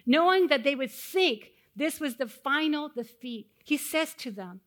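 A middle-aged woman preaching a sermon, telling personal stories to the congregation and swelling louder on key phrases. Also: high voice, lively intonation, unhurried. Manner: personal storytelling addressed to a congregation.

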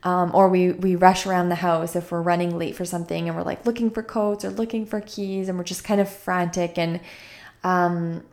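A woman in her thirties hosting a wellness podcast, talking casually with lots of "like" and "right?", slightly croaky after a run. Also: on the low side, flat delivery, moderate pace, a little mellow. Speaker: podcast host.

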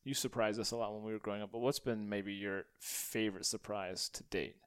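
Playful podcast host, lowish voice. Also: male voice, fairly even intonation, fairly quick, fairly bright tone, clean tone, dry recording. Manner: playful, laughs often, upbeat. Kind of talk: casual podcast interview.

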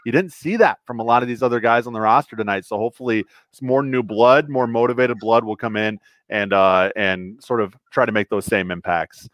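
A man co-hosting a podcast, talking soccer in a hesitant, halting way. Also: mid-range voice, a bit bright, dry recording. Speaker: podcast co-host. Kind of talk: casual soccer chat.

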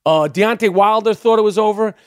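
A man's voice: high voice, fairly quick, clean tone, no room sound, studio quality. A man hosting a podcast, delivering a heated, profane, unedited rant and repeating himself as he gets worked up. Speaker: podcast host.

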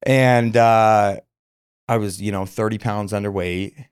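A man's voice: lowish voice, fairly even intonation, takes it slowly. A man from Utah, a podcast guest, telling his story frankly with lots of filler words. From Utah, USA. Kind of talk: candid personal storytelling.

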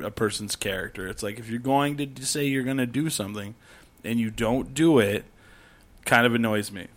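A man in casual conversation, telling camping stories in a rambling way. He swears freely and acts out loud campers as he goes. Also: medium pitch. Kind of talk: casual chat.

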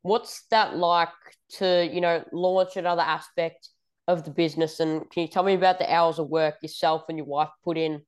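A woman's voice: fairly low pitch, fairly even intonation, moderate pace, darkish tone, clean tone. A woman with an Australian accent hosting a sports podcast, asking polite interview questions and agreeing often. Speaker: podcast host.

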